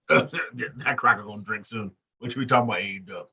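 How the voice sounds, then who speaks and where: Animated man, bright, husky, off-mic. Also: fairly quick. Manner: animated, profane, acts out quotes with big pitch jumps. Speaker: podcast co-host. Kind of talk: casual wrestling banter. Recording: distant mic.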